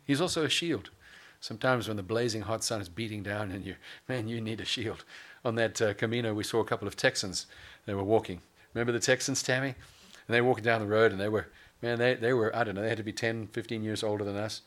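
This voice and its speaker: A man's voice: on the low side, quick pace, few pauses, fairly bright tone. A male pastor preaching a sermon, mixing scripture with casual asides and humor.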